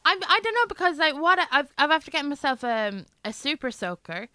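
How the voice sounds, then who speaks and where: A woman's voice: high voice, sing-song, fairly quick, sharp tone, no room sound. A woman chatting on a comedy podcast, rambling and self-mocking as she tells a story, often breaking into laughter. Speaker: guest reviewer. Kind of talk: comic podcast chat.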